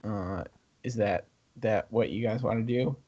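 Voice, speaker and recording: Low, slow-talking hesitant man. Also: dull audio. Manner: hesitant, with ums and soft laughs. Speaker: player. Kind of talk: casual podcast banter.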